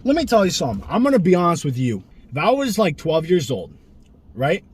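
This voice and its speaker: Animated, sarcastic young man ranting. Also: a little high, brisk, breathy edge. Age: young adult. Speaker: vlogger. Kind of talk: ranting vlog monologue. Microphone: camera he films himself with.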